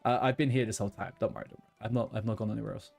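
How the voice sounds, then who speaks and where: A man's voice: on the low side, fairly even intonation, very fast, vocal fry, darkish tone, soft background music. Ranting streamer guy. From London, England. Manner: chatty, ranting, swears freely. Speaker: livestreamer. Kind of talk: casual chat with viewers. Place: home room with a blue wall.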